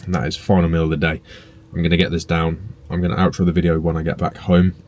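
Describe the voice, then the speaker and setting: Quick-paced and loose, a young guy who works as a personal trainer and vlogs about bodybuilding rambles to the camera from his home and a parked car. His low voice stays pretty monotone. The tone is relaxed, peppered with fillers and mild swearing.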